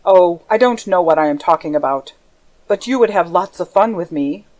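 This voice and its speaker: A woman's voice: on the low side, expressive, normal speed, a little mellow, natural voice. A woman voicing a brooding, lonely masked man in an audiobook reading, rambling from weariness to taunts. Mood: coaxing. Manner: rambling, shifting from weary to taunting.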